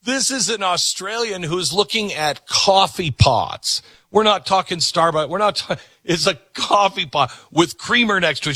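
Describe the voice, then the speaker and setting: Male host, clip commentary, emphatic, bright, animated, dry recording. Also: high-pitched, moderate pace, breathy edge, no echo. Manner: emphatic, preachy. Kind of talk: commentary on clips.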